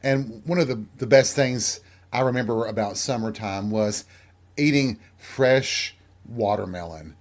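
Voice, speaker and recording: A man's voice: mid-range voice, unhurried. Frank, rambling man from Tennessee. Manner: frank and self-deprecating, rambling. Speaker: podcast host. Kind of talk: candid solo monologue.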